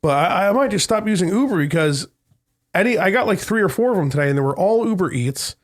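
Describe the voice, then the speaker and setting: High-voiced man ranting through a story. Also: lively intonation, fast talker. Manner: profane rambling storyteller, mimics others in a higher voice. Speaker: podcast co-host. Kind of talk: casual chat.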